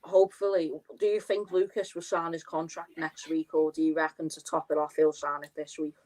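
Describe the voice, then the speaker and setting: A young woman, co-hosting a casual football chat and telling things in a steady, even way. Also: sits low, a little fast, poor audio. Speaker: fan channel co-host.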